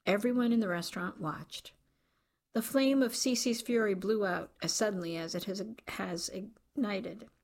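A woman narrates a novel in an even, measured way. Her mid-range voice carries a noticeable creaky, gravelly grain. The reading is steady and unhurried. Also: mid-range voice. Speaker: audiobook narrator. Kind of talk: scripted narration.

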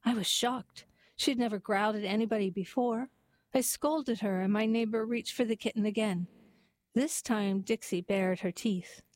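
A woman narrating a heartwarming story and then reading a poem aloud in a gentle, even storytelling manner. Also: medium pitch, normal speed, dry recording, low-quality recording.

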